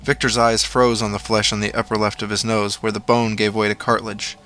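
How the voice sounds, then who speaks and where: A man reading a horror story aloud in a measured, dramatic storytelling manner. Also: on the low side, little pitch movement, a bit bright, soft background music. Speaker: narrator. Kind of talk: scripted horror story narration.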